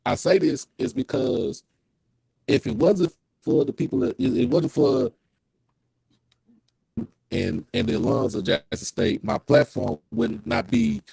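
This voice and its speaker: A man's voice: fairly low pitch, gravelly, darkish tone, slightly rough, no room sound. A man guesting on a live sports chat over his phone, talking earnestly with many restarts and fillers. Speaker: guest who runs his own sports live stream. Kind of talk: casual live-stream chat. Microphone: phone on a call.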